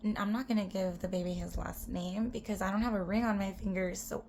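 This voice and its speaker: A woman's voice: mid-range voice, fairly even intonation, fairly quick, darkish tone, a little hiss or hum. A woman in her twenties from the US-Mexico border region, chatting casually to camera as a vlogger. She rambles and swears, and often drops into whispered asides.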